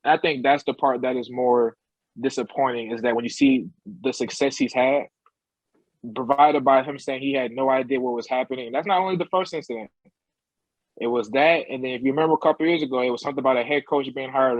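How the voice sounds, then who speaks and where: A man's voice: mid-range voice, dry recording, highs cut off. A man co-hosting a casual sports podcast, speaking in an emphatic, insistent way. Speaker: podcast co-host.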